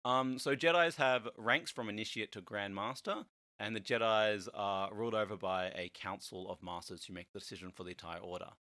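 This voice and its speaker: A man's voice: lowish voice, a little fast, bright, forceful tone. A man explaining lore on a casual podcast, rambling with frequent restarts and laughter. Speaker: podcast host. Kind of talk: casual chat.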